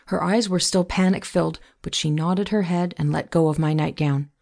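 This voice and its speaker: A woman reading a novel aloud in measured, scripted first-person narration. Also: deep voice, fairly even intonation, vocal fry, darkish tone. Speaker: audiobook narrator.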